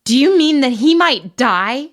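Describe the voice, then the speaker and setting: A woman voicing an anxious, earnest teenage girl who pleads in a high, breathless voice. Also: takes it slowly, bright, forceful tone. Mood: distraught.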